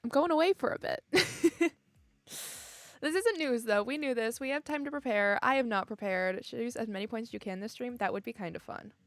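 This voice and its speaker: A woman's voice: on the high side, normal speed, a bit bright, no echo. A young adult woman streaming from home, chatting casually with her viewers in a giggly, easily emotional way. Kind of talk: casual chat with live viewers. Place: home room.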